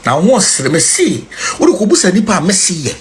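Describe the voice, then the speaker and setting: A man with a Ghanaian accent, preaching in an excited chanting call-and-response style, repeating his phrases over and over. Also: high voice, fairly quick, a little hiss or hum. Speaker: self-styled spiritual leader.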